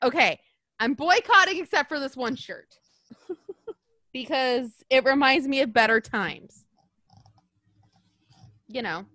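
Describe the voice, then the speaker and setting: A woman co-hosting a casual podcast, her high voice leaping up and down with animated energy. She has a bright, ringing tone and swears freely between laughs. The sound is close and dry. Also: dry recording. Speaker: podcast co-host. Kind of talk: casual chat.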